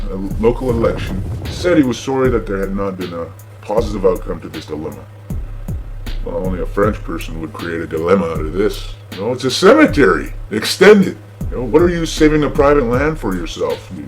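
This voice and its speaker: A man's voice: fairly low pitch, a little mellow. A man hosting a show, ranting sarcastically about the news in a profane, mocking way. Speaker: podcast host. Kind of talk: comedic news rant.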